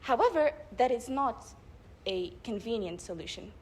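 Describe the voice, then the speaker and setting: A young woman delivering a public speech at a debate club event, building her points with rhetorical questions and measured emphasis. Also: on the high side, expressive, a little hiss or hum. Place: live event before an audience.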